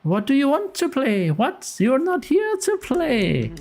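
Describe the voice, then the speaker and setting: A man voicing an eccentric grown man in a fairy costume, giddy and greedy, in a high, sing-song, preposterous voice, with game music behind. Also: huge pitch swings, unhurried, a crowd in the background, heavily acted.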